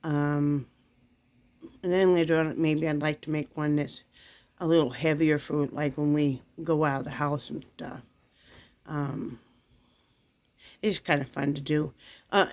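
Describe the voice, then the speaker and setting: A middle-aged woman chatting casually to camera in a rambling, homey way, often breaking off to coo at her dog. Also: low voice. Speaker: vlogger.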